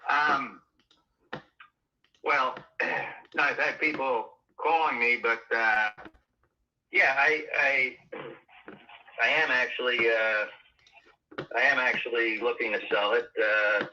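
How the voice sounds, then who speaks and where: A hesitant man heard over a dull, muffled phone line. He speaks very slowly, stopping and restarting often. His tone is bright and forceful underneath the hesitation. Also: mid-range voice, steady tone, slight background noise. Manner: hesitant, halting, many fillers and throat clears. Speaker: home seller on a call. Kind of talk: phone conversation.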